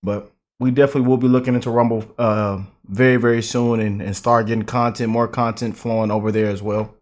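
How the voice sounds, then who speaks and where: A man hosting a casual reaction video, excitable and laughing as he banters with his viewers. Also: medium pitch, a little fast. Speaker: YouTube reaction host.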